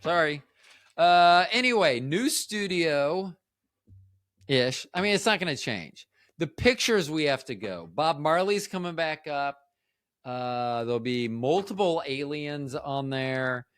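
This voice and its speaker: A man's voice: on the high side, lively intonation, slow, fairly bright tone, smooth, dry recording, studio quality. A man hosting his own podcast, rambling and joking at his own expense, often losing his thread and starting over. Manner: joking, self-deprecating, trails off and restarts. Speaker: podcast host. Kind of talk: rambling solo podcast chat.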